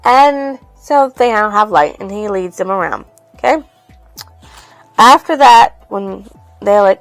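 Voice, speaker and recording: A woman's voice: mid-range voice, takes it slowly, long pauses, no room sound, soft background music, rough recording. A woman casually recapping a book's plot, rambling and swearing freely. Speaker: book reviewer.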